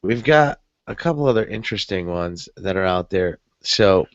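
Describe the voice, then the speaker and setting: A man with a very low voice co-hosts a casual late-night podcast, sounding tired as he rambles and jokes. He swears casually between stories. The sound is dry and close. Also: expressive, normal speed, no room sound, muffled recording. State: tired, yawning. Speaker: podcast co-host. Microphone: webcam setup.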